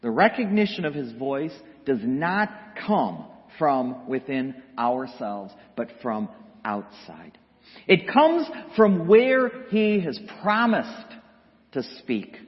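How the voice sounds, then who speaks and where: A man preaching a sermon as pastor, slow and emphatic with dramatic pauses. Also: on the high side. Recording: dull sound with long hall reverb.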